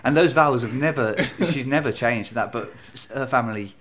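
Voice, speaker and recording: Fast-talking English man, chatty. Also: mid-range voice, a bit bright. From England, Bristol. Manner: chatty, self-deprecating, quick storyteller. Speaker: comedian and novelist, interview guest. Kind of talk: casual interview chat. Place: a bar.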